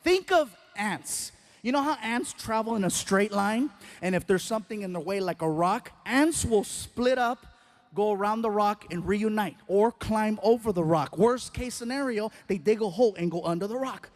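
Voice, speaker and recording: A man doing a stand-up comedy routine on a live stage, animated and acting out scenes with sound effects. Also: high-pitched, moderate pace.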